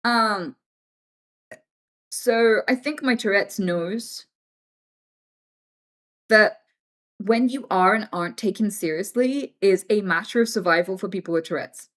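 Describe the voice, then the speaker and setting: A woman's voice: medium pitch, a little slow, pauses often, fairly bright tone. A young British woman chatting casually on a livestream, frank and swearing freely as she tells stories.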